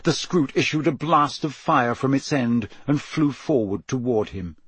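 A man's voice: mid-range voice, expressive, unhurried, a bit bright, slightly rough, dry recording. A man reading an audiobook aloud, with tense, dramatic storytelling. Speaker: narrator.

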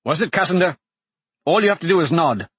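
A man's voice: medium pitch, lively intonation, normal speed, fairly bright tone, slightly rough, no room sound. A man voicing a shaken but fierce male lord and sorcerer in a storybook, with clipped, urgent demands.

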